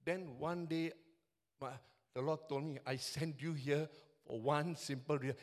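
Singaporean-accented male pastor, 70s, high voice, fervent and carried away when he preaches. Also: fairly even intonation, measured pace. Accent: Singaporean English. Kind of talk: sermon.

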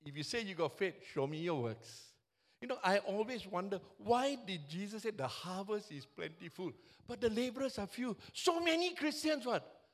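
High-voiced passionate Singaporean preacher in his seventies. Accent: Singaporean English. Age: 70s. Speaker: pastor. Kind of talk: sermon.

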